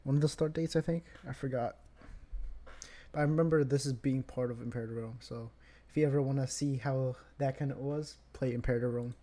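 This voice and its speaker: A man hosting a reaction video, chatting loosely and laughing easily between his comments. His voice is mellow and dark, with a relaxed, average pitch. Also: a little fast.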